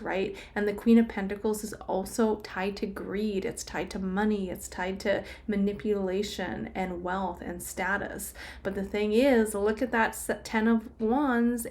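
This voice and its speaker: A woman of medium pitch talks through a tarot spread in a loose, conversational way, with plenty of filler words. She speaks directly to her viewers as she turns over the cards. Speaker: tarot reader. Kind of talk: casual tarot reading to camera.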